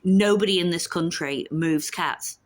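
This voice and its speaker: Low-voiced woman in her fifties. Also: unhurried. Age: 50s. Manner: chatty and frank, swears freely. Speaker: vlogger. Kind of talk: casual chat.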